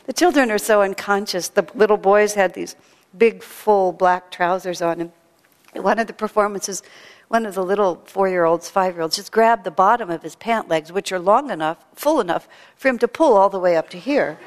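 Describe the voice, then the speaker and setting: A woman giving a spiritual talk, telling stories with laughter and acting out quotes. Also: medium pitch. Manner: storytelling with laughter and acted-out quotes. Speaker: spiritual speaker. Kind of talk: sermon. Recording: long reverb of a large hall.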